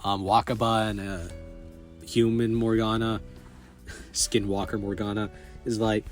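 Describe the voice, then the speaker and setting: A man's voice: fairly low pitch, little pitch movement, measured pace, pauses often, faint music behind. A young man rambling about a video game from a small closet, chuckling and cutting himself off. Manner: rambling, chuckling, self-interrupting. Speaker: video host. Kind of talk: casual rambling game recap.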